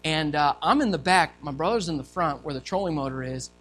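A male pastor preaching a sermon, telling a story in an animated way and acting out quotes and sounds. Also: on the high side, fairly quick, slight background noise.

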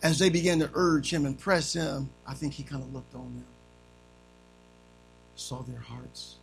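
A man preaching a sermon, swinging from loud emphatic peaks to soft, hushed lines. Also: mid-range voice, flat delivery, measured pace, gravelly, slight background noise, low-quality recording. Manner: swings between shouting and soft, dramatic delivery.

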